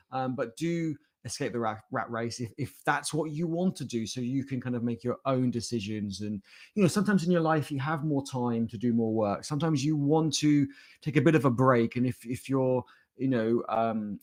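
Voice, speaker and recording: A man's voice: mid-range voice, darkish tone. A man with a British accent co-hosting a live stream, talking casually with a joking, self-mocking, rambling manner.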